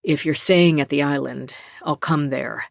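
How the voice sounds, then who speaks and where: A man's voice: a little high, a little slow, gravelly, no echo, studio quality. A narrator voicing a worried, exasperated man pleading in a string of voicemails. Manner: urgent, pleading. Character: worried, exasperated male partner leaving voicemails.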